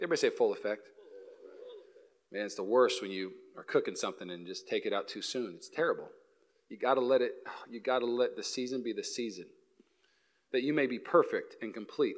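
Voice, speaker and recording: A young man preaching a sermon as pastor, animated and joking, slipping into quick playful voices. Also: medium pitch.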